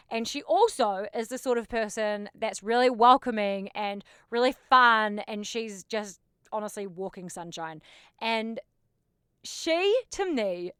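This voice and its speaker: Smooth-voiced bubbly New woman host. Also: on the high side, a bit bright, no echo, studio quality. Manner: bubbly, chatty, lots of "like". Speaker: podcast host. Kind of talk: casual chat.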